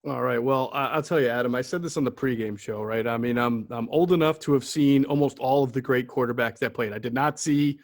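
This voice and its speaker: A man's voice: medium pitch, brisk, few pauses, no echo, clean studio sound. A middle-aged man hosting a sports talk show, chatting about football and reading ads with a jokey, upbeat delivery.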